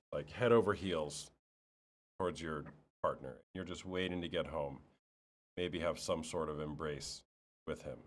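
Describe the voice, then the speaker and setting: American male host, very deep voice, playful and teasing. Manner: teasing, joking, lays out scenarios. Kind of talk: casual street interview.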